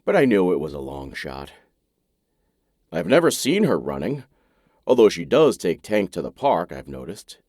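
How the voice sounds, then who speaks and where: A man's voice: sing-song, normal speed, pauses often, darkish tone, no room sound, clean studio sound. A man narrating a romance audiobook in the first person, wry and intimate in manner. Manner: wry, intimate, low-key.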